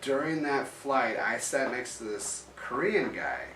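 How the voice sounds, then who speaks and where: A man's voice: mid-range voice, sing-song, a little slow, fairly bright tone, a little hiss or hum. A man telling a personal story in a casual, rambling way, full of "like" fillers and restarts. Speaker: interviewee telling his story. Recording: roomy echo, mic at a distance.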